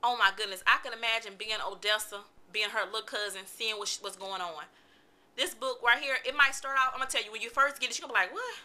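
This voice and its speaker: Animated chatty woman, bright voice. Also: on the high side, fast. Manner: animated, chatty, vents with exclamations. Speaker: book reviewer. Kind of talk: casual vlog book review.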